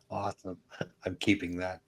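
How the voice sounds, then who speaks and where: A man's voice: sits low, expressive, measured pace. A man playing in a tabletop game, talking casually and hesitantly, asking questions. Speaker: player.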